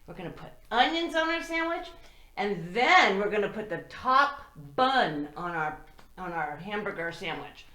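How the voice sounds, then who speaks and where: Preschool teacher, woman, slow sing-song delivery, echoey room. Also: medium pitch. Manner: slow, animated and sing-song, speaking to small children. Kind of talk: children's circle-time lesson with songs. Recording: roomy echo.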